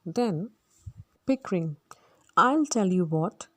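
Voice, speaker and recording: A woman reading the part of a genial gentleman army captain, who speaks in a measured, reassuring way. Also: lowish voice, expressive, no echo, exaggerated voice.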